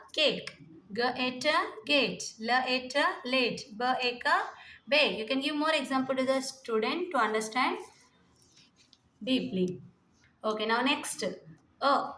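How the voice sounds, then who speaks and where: A woman's voice: high-pitched, pushed and bright, slight background noise. A woman with an Indian English accent teaching phonics, sounding out letters and words one by one and repeating each. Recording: echoey room.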